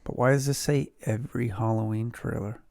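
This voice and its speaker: A man in his young adult years co-hosting a podcast, his gravelly, slightly hoarse voice sitting in a middle register. He chats in a laid-back way, swears casually and laughs often. The sound is close and dry, with no room around it. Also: medium pitch, steady tone, a little fast, darkish tone, no echo. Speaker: podcast co-host. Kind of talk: casual chat.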